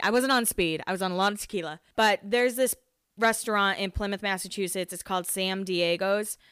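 A podcast host in her late twenties tells stories in casual chat, candid and quick to laugh, swearing often. Her medium-pitched voice has a fairly bright tone and sounds smooth in a studio-quality recording with no echo.

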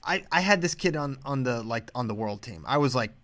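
A man co-hosting a podcast, chatting casually about wrestling picks with quick, animated banter. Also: medium pitch. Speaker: podcast co-host. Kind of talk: casual sports chat.

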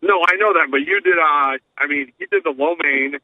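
A man's voice: a little high, a little fast, no echo. A man co-hosting a podcast, teasing and joking in casual chat. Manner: teasing, wisecracking. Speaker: podcast co-host. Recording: tinny phone-like sound.

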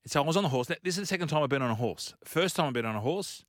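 Chuckling Australian radio co-host, dry studio sound. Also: male voice, a little high, expressive, racing, dry recording. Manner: rambling anecdotal storyteller who chuckles mid-story. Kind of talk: casual radio banter.

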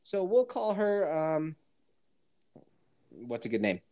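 A woman with a low voice and a lively, swooping delivery tells a story for her podcast over a call. She swears freely, laughs often, and keeps the chat loose and animated. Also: slow pace. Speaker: podcast co-host. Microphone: remote call.

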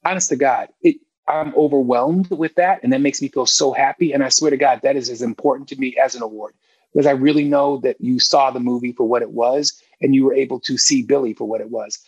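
A man's voice: mid-range voice, fairly even intonation, a little fast, slightly rough, dry recording, highs cut off. A middle-aged man talking as a guest film director in a casual interview, emphatic and candid, swearing freely.

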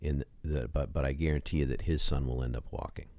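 Man, podcast co-host, very deep voice, halting, philosophical, dry close sound. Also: steady tone, a little mellow, no echo. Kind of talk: casual comedic commentary. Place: studio.

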